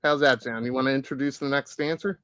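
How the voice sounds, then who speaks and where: A man's voice: mid-range voice, steady tone, quick pace, bright, forceful tone, clear, resonant tone, no room sound. Easygoing man hosting, dry close sound. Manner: easygoing, lots of uh and um fillers. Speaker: host. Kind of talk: casual livestream podcast chat.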